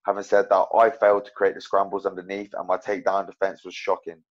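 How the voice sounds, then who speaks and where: Low-voiced fighter, rambling frankly. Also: male voice, monotone, quick pace, dull audio. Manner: rambling, self-correcting, frank about his own loss. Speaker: MMA fighter guest. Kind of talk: casual interview chat.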